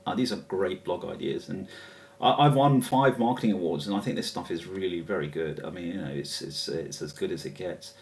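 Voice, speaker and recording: A man giving a casual, chatty walkthrough of software on screen, hesitant and chuckling as he goes. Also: sits low, brisk, vocal fry, recorded from a distance, slight background noise. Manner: chatty, hesitant, many fillers and restarts, chuckles often. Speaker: presenter demonstrating software.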